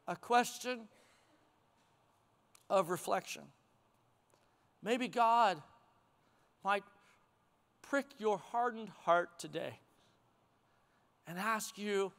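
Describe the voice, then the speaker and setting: High-voiced preaching man, smooth, big hall. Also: extremely slow, pauses often. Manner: animated preaching, rising to near shouts then dropping to hushed tones. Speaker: pastor. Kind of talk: sermon. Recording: long hall reverb.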